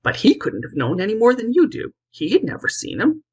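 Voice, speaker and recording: A woman's voice: a little high, wildly swooping pitch, brisk, darkish tone, slightly rough, highs cut off, pitched above the performer's own voice, full character voice. A woman reading aloud, voicing a confident, scornful girl who tells stories in a storybook. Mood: impatient. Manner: impatient, confident.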